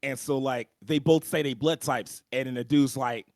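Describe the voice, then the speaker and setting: A young man co-hosting a podcast, recapping an anime plot in a slangy, animated storytelling manner and clearing his throat often. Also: mid-range voice, moderate pace, dry recording, clean studio sound. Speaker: podcast co-host. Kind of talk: casual anime recap chat.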